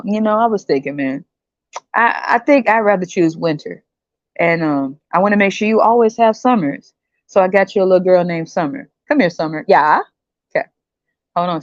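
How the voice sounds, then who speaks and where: Animated, laughing woman podcast host. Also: on the low side, dry recording, highs cut off. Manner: animated, laughs often, slangy. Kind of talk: casual comedic rant.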